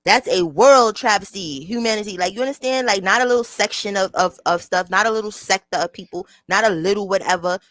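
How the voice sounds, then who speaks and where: A woman's voice: medium pitch, brisk, few pauses, a bit bright, no room sound. A woman hosting a casual livestream, talking bluntly and with plenty of profanity straight to her chat through a small mic near her mouth. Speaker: channel host.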